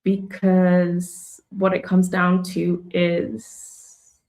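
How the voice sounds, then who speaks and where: A woman in casual conversation who speaks thoughtfully and hesitantly, with many pauses and fillers. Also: lowish voice, completely flat delivery, darkish tone. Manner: thoughtful, hesitant, full of ums and likes.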